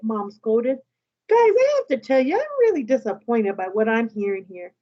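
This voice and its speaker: This fairly high-voiced woman is a teacher reading a children's novel to her class at a moderate pace. She puts lively expression into it and enlivens every character's dialogue. The sound is a little muffled.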